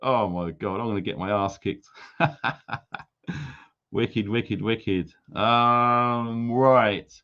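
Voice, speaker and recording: A man's voice: on the low side, very slow, long pauses, bright, forceful tone, muffled recording. A man hosting a casual livestream, greeting viewers with jokey, teasing banter. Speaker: livestream host.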